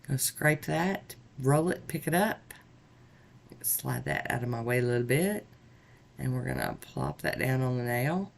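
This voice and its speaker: A woman's voice: extremely low pitch, lively intonation, normal speed, vocal fry. Upbeat woman talking viewers through her manicure step by step, chatty and easygoing, close to the mic. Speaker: nail art vlogger. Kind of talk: casual tutorial narration.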